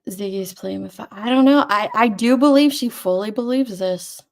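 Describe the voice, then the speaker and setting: Gravelly chatty woman host. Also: mid-range voice, normal speed. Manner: chatty, laughing often. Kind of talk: casual commentary chat.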